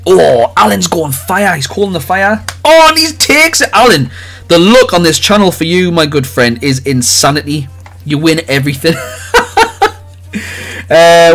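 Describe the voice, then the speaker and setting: A man hosting a live card-opening stream, chatting excitedly with viewers and calling out their names. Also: a little high. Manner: excitable, jokey, rapid swings between loud cheers and quiet mutters. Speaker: livestream host opening trading cards.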